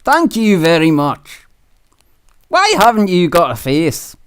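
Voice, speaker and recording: Man playing a crude Scottish puppet bird, high lively voice, very slow, smooth dry sound. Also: dry recording, full character voice. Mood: teasing. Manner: crude, teasing, sings silly songs. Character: rude cheeky male puppet bird. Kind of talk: puppet comedy on video chat.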